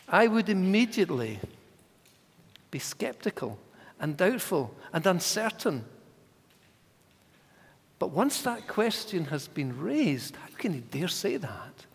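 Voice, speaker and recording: A man preaching a sermon in a church, measured and emphatic, sometimes dropping his voice to a hush. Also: high voice, sing-song, vocal fry, breathy edge, big-room sound.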